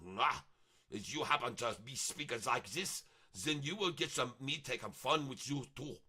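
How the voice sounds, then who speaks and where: A man's voice: mid-range voice, moderate pace, pushed and bright, husky. A man doing a cheerful put-on voice with broken English grammar and frequent giggles during a live stream. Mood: gleeful.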